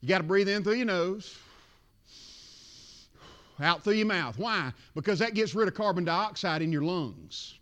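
Pastor guy preaching, real high bright voice, gets loud and shouty. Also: animated, moderate pace, pauses often. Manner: builds to shouting crescendos. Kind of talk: sermon.

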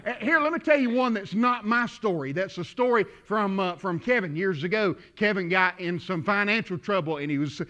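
A man preaching a sermon, telling folksy stories that build to shouting. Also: high voice, expressive, moderate pace, hardly any pauses. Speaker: pastor.

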